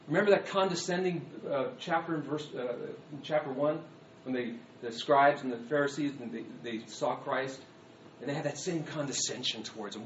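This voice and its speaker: A man's voice: a little high, brisk. Man preaching in an echoey room. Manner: animated, shifting between hushed asides and loud dramatic readings. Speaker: pastor. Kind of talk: sermon. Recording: echoey room, distant mic, dull sound.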